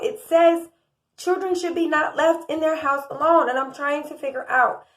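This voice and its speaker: Impassioned high-voiced American woman. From United States. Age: 30s. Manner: impassioned, indignant, rising in volume. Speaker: true crime commentator. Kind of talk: opinionated commentary.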